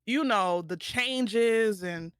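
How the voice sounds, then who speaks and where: A woman's voice: mid-range voice, extremely slow, fairly bright tone, clear, resonant tone, no echo, studio quality. Emotional Black woman streamer. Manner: tearful, affectionate, laughing. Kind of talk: emotional casual chat.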